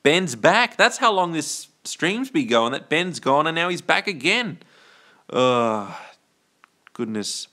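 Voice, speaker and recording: A man from Australia hosting a live stream, with a bright, forward voice. He rambles playfully, trails off mid-thought and keeps restarting his sentences. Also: fairly high pitch, big pitch swings, slow. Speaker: livestream host.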